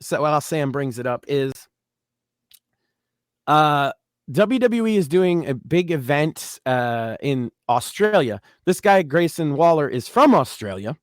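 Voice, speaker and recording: A man's voice: a little high, lively intonation, measured pace, no echo, clean studio sound. A man co-hosting an online talk show, ranting with strong opinions and mocking what other people say. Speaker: podcast co-host. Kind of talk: casual online show chat.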